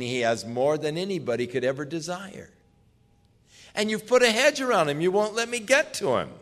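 An older man voicing Satan as a sly, insinuating schemer, coaxing and taunting. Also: mid-range voice.

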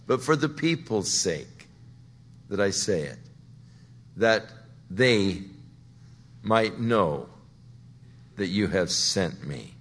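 A man's voice: fairly low pitch, very animated, drawn-out words, long pauses, fairly bright tone, husky. A man preaching a sermon on a Bible passage, talking it through conversationally and building to emphatic points. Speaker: pastor.

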